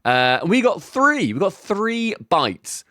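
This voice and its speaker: A man's voice: high-pitched, big pitch swings, slow pace, sharp tone, no echo. A young man co-hosting a casual podcast, bantering in a laid-back, dry way. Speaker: podcast co-host. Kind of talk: casual chat.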